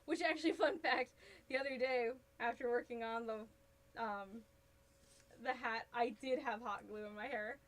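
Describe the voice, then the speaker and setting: A woman's voice: fairly high pitch, normal speed, a bit bright, poor audio. A woman chatting casually while she crafts a cosplay on a live stream, rambling, laughing often and answering her chat. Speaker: cosplay livestreamer.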